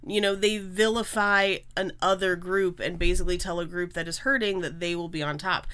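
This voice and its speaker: Blunt thirties woman co-host, bright punchy voice, swears a lot. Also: fairly low pitch, steady tone, a little fast, clean tone. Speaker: podcast co-host. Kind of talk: casual chat.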